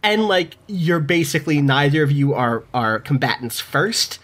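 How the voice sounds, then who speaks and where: A man's voice: fairly high pitch, lively intonation, normal speed, a bit bright. A man narrating a tabletop game as game master in an easygoing, joking way over an online call.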